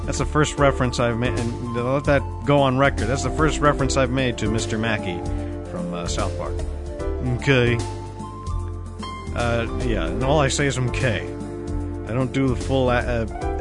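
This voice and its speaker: A man hosting a smooth jazz web radio show, chatting casually between tracks with self-deprecating asides. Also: mid-range voice, moderate pace, over loud music. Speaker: radio DJ host.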